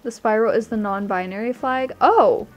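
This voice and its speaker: A woman's voice: fairly high pitch, normal speed, faint music behind. A woman giving casual, gushing commentary while she tours a game island, easily delighted and chatty. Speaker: streamer touring a game island.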